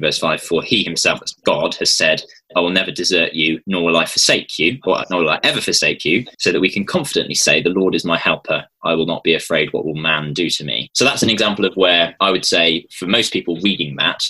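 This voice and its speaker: A man's voice: sits low, pushed and bright, husky, low-quality recording. A man explaining Bible passages in casual conversation, thoughtful and hesitant, with many ums and restarts. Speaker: Christian guest explaining the Bible.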